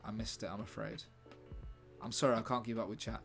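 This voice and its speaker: A man's voice: on the low side, level tone, a little fast, gravelly, a bit bright. Rambling, jokey man streaming. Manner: rambling, jokey, reads chat aloud. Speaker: streamer writing a script. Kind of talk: casual live-stream chat. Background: faint background music.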